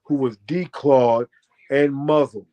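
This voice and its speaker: American man, guest storyteller, profane and boastful, bursts into shouted quotes, mid-pitched voice. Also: fairly even intonation, slow. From United States. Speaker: guest, former fighter telling a story. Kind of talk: animated storytelling.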